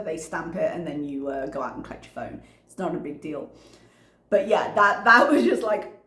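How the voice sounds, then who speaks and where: A young woman vlogger in casual chat, animated, laughing often and acting out what others said. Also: lowish voice, roomy sound.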